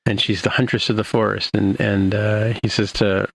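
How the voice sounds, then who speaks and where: A man hosting a podcast, recapping an episode in a rambling, halting way with many restarts. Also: lowish voice, flat delivery, creaky, husky, poor audio. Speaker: podcast host.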